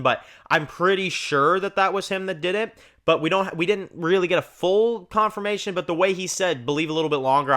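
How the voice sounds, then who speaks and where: A man talks through a TV episode on his own review channel in a loose, rambling flow, padding his thoughts with "you know" and stumbling restarts. His voice is bright and forward, of ordinary pitch for a man. He livens up when he retells scenes. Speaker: TV show reviewer, channel host.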